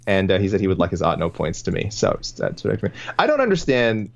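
A man co-hosting a casual podcast about fights, rambling and breaking off into quick asides. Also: low-pitched, huge pitch swings, vocal fry. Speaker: podcast co-host. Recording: dull, lo-fi sound.

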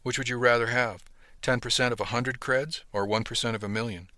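A man voicing a young male ship crewmate, earnest and somewhat glum, in a plain, low-key delivery close to his own voice. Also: fairly even intonation, brisk, sharp tone, no room sound, close to an everyday voice. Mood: explaining.

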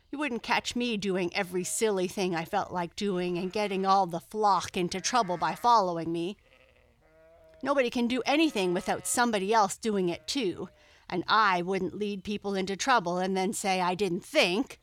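A woman's voice: mid-range voice, normal speed, natural voice. A woman voicing a sensible male sheepdog in a storybook reading, firm and lecturing.

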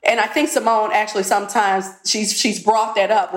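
A woman's voice: medium pitch, steady tone, normal speed, hardly any pauses. A woman reality TV cast member telling a candid story in a podcast interview. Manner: candid, retells conversations. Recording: roomy echo.

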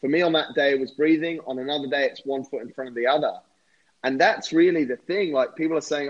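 Animated man, lo-fi sound. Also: fairly high pitch, quick pace. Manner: animated, repeats words when excited, says "mate". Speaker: podcast guest, former rugby player and endurance athlete. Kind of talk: casual conversational storytelling.

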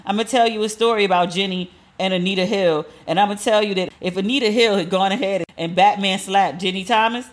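Woman, 40s, solo podcast host, animated and chatty, acts out quotes. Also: mid-range voice, a little fast, hardly any pauses. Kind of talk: casual solo commentary.

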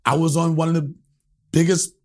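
A stand-up comedian from Alexandria, Virginia, telling profane stories as a guest and acting out the voices in them. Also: male voice, on the high side, level tone, normal speed. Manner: profane, acts out voices in anecdotes. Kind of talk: animated storytelling.

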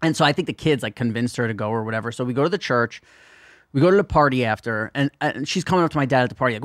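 A man's voice: medium pitch, very fast, fairly bright tone, no echo, clean studio sound. A man co-hosting a podcast, rambling through a story in a casual chat and swearing often. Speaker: podcast co-host.

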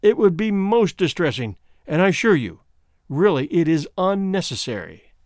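A man voicing an unhurried, gently ironic man with a quiet menace in an audiobook story. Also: sits high, big pitch swings, no room sound, clean studio sound. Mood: calm.

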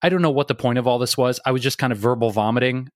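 A man's voice: mid-range voice, rapid-fire, dry recording, studio quality. A man co-hosting a podcast, talking in a rambling, confessional way and swearing freely. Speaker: podcast co-host. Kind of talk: candid conversational chat.

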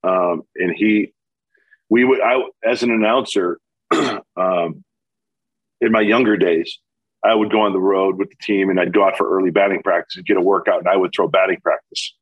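Husky-voiced older man telling stories. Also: low voice, moderate pace, dry recording, narrow, tinny audio. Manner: animated storyteller acting out quotes, laughs often. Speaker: baseball broadcaster and former pitcher. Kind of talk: casual storytelling interview.

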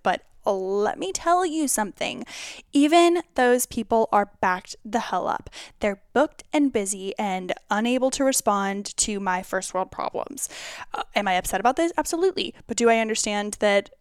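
A young adult woman hosting her own podcast, chatting casually and ranting with exasperated, animated tangents. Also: mid-range voice, normal speed, smooth, dry recording, studio quality. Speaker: podcast host. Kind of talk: casual solo podcast chat.

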